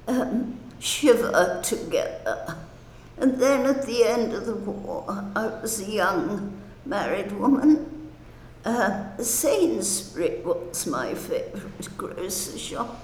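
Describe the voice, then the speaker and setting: An elderly woman, a retired wartime nurse, gently telling personal stories with fillers and soft laughs. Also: mid-range voice, slight background noise. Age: older. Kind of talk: personal storytelling. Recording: roomy echo with faint ambience.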